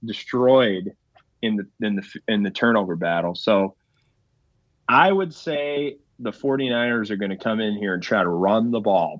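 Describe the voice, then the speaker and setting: Lowish-voiced man breaking down football. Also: no echo, lo-fi sound. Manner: analytical, with restarts and emphatic run-on lists. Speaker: podcast guest, sports analyst. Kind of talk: casual football analysis.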